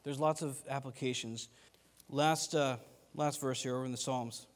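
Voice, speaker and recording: A man preaching a casual, rambling sermon, self-deprecating and growing animated as he tells stories. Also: medium pitch, moderate pace. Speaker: pastor. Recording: long hall reverb.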